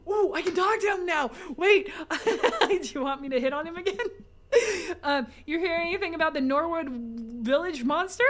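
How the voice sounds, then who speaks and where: A woman streaming a game live from home, excitable and jokey, swearing and laughing often as she talks to chat. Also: sits high, takes it slowly. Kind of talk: live gameplay commentary.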